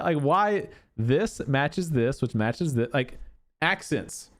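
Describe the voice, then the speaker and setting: Going over game cosmetics in a casual, loose manner, this male creator rants at a slow pace. He sounds exasperated and animated, swears freely, and his pitch swings up and down a lot.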